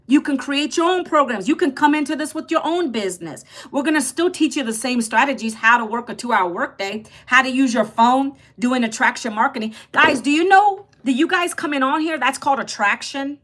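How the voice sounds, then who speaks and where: Lady in her 50s doing a live stream, chatty, talks to viewers, bright kinda high voice. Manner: chatty, talks straight to viewers and reads out their comments. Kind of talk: casual live-stream chat.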